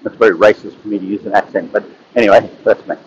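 A man's voice: lowish voice, fairly even intonation, fast, muffled recording, slight background noise. A man telling stories in a casual monologue, rambling and often repeating and restarting his words. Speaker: speaker sharing advice.

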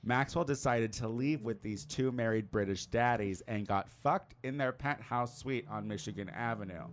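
A man's voice: normal speed, a little hiss or hum. A man hosting a podcast, reading a listener question and trading crude, joking banter in a casual chat. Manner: crude, joking banter with lively pitch swings. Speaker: podcast host.

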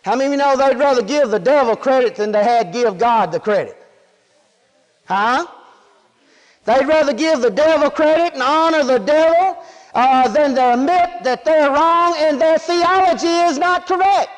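A man's voice: extremely high pitch, normal speed, long reverb tail, poor audio. A male preacher delivering a folksy, emphatic sermon, often asking the congregation questions.

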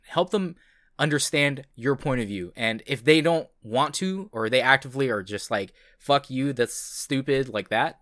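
A man co-hosting a casual podcast, rambling earnestly with lots of fillers. His voice sits at an average pitch. It is recorded very dry and close. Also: fairly bright tone, no echo. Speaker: podcast co-host. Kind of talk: casual chat.

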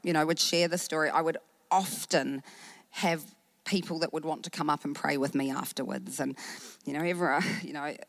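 A woman pastor in her thirties with a New Zealand accent, telling a personal faith story in a sermon, animated, acting out what people said. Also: sits low, moderate pace, creaky, dry recording. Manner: animated storytelling with acted-out quotes.

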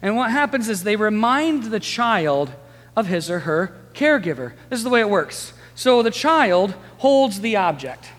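A man in his thirties, a pastor preaching a sermon in a lively, storytelling way, chatting with the congregation. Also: high-pitched, moderate pace. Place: church sanctuary. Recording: long hall reverb.

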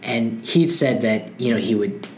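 A woman in casual podcast chat, telling an animated anecdote. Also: extremely low pitch, measured pace, echoey room, slight background noise. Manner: animated storyteller. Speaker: podcast co-host.

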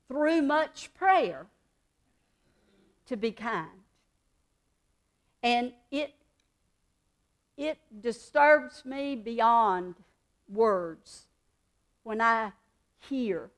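A woman's voice: a little high, animated, drawn-out words, pauses often, a bit bright. A woman giving a devotional teaching in an earnest, conversational way, repeating key points for emphasis. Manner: emphatic repetition. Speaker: Christian speaker.

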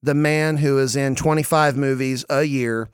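Excitable man hosting a podcast. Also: medium pitch, normal speed, clean tone, dry recording, studio quality. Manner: excitable, laughs often, stumbles and repeats words. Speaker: podcast host. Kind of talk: casual movie chat.

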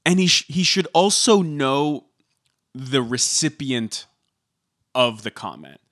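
A man's voice: mid-range voice, lively intonation, takes it slowly, fairly bright tone. A man co-hosting a podcast, recapping a reality show in casual chat and hedging with likes and ums. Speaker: podcast co-host.

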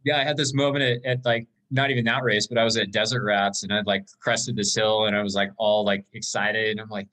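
A man's voice: lowish voice, flat delivery, brisk, few pauses, sharp tone, low-quality recording. A man on a podcast, telling an emotional story about an ultramarathon in a casual, rambling way with many fillers.

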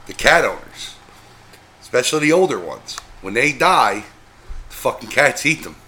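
A man's voice: mid-range voice, very animated, moderate pace, sharp tone. A man co-hosting a podcast, casually tossing in dry, wry remarks. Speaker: podcast co-host. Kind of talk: casual chat.

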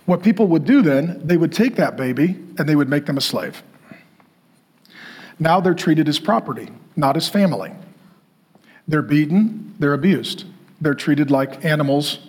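Husky emphatic male preacher. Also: a little high, expressive. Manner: emphatic, repetitive, with dramatic pauses. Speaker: pastor. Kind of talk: sermon.

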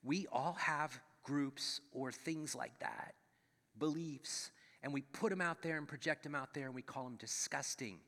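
Pastor preaching in a reverberant church hall. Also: male voice, mid-range voice, measured pace, a bit bright. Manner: conversational preaching with frequent "right?" asides. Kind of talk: sermon. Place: church sanctuary.

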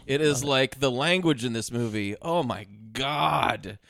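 A man's voice: medium pitch, animated, a little slow, vocal fry, a bit bright, no room sound, clean studio sound. A man co-hosting a casual film podcast, retelling scenes with laughter and profanity. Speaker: podcast co-host.

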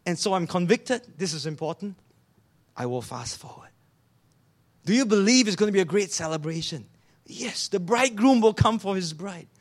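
A man preaches in a high, light voice. His delivery is earnest, built on rhetorical questions, and it often sinks low and soft. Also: animated, normal speed. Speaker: pastor. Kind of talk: sermon.

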